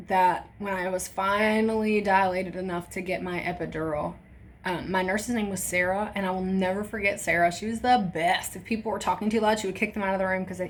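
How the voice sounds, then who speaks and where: Chatting casually, a young female vlogger shares a personal story with plenty of candor and frequent swearing, performing the voices of people she quotes. She speaks at a medium pitch against slight background noise.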